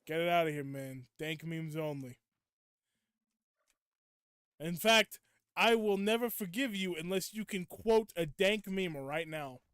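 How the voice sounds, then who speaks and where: A young man with a fairly high, smooth voice chats casually while streaming a game. He rants at his viewers in playful, mock-indignant bursts. The sound is close and dry, with almost no room around it. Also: expressive, measured pace, pauses often, fairly bright tone, no room sound. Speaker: gaming streamer. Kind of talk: casual live gameplay chat.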